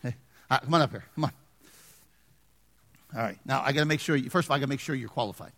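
A man preaching a sermon as pastor, animated and joking with the congregation in church. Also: mid-range voice, rapid-fire, big-room sound.

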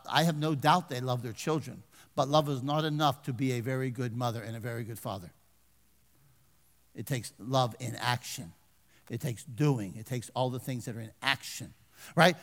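An older man preaching a folksy sermon as pastor, swinging from loud exhortation to hushed asides and calling for amens. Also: mid-range voice. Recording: long reverb of a large hall.

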